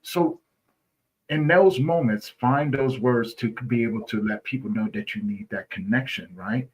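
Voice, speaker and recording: Husky-voiced man talking earnestly. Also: mid-range voice, normal speed, rough recording. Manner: earnest, repeats "right?" often, restarts phrases. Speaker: guest. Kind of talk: conversational interview.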